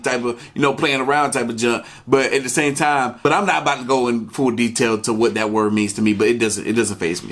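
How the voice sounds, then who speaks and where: A man's voice: medium pitch, fairly bright tone. A man hosting a reaction video, chatting casually and commenting between parts of a clip. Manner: laid-back, chatty, interjects with asides.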